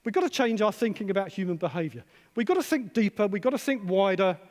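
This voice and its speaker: A psychologist gives a conference keynote in a hall with long, ringing reverb, his voice high for a man yet darkish in tone. He talks fast with lively intonation, challenging the crowd with rhetorical questions and repeating key phrases for emphasis.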